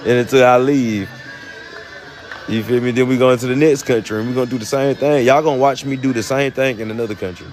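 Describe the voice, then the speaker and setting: A man's voice: medium pitch, a little mellow. A man with a Southern US accent talking casually on a phone live stream, rambling with many fillers and laughs. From United States. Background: music.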